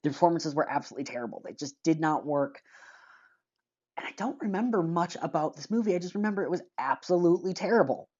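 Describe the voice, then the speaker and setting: A woman's voice: lowish voice, lively intonation, quick pace, darkish tone, lo-fi sound. A woman giving a casual movie review, blunt and rambling, sighing and groping for names.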